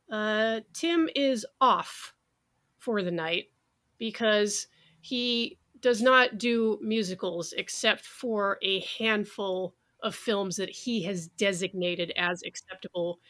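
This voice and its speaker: A woman hosting a casual podcast chat, sardonic and brisk, swearing freely as she talks through a film. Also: medium pitch, a bit bright. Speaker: podcast host.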